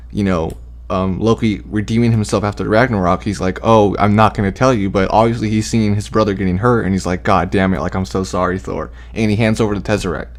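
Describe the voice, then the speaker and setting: A man casually sharing fan theories, rambling with many fillers and the odd swear word. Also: on the low side. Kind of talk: casual chat.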